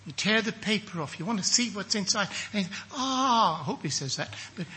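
A man's voice: sits high, expressive, fast talker, pushed and bright, slight background noise. An older man from England preaching a sermon emphatically, acting out the voices he quotes.

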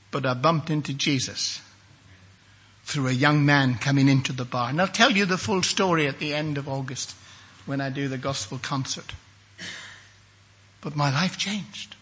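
A man's voice: a little high, sharp tone. An older man from England preaching a sermon emphatically, acting out the voices he quotes.

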